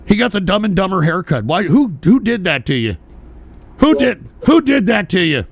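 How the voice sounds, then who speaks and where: A man hosting a live stream, loudly mocking and narrating what he sees on another streamer's feed. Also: high voice, big pitch swings, normal speed, dry recording. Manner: mocking, exclaiming, puts on a slurred British drawl. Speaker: streamer host. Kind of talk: excited live-stream commentary.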